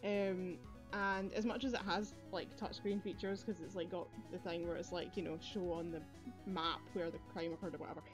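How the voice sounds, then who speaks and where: A woman's voice: lowish voice, steady tone, normal speed, music in the background. A young woman giving chatty, rambling commentary while playing a video game, laughing often, recorded on earbuds. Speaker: let's play gamer. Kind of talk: casual gameplay commentary.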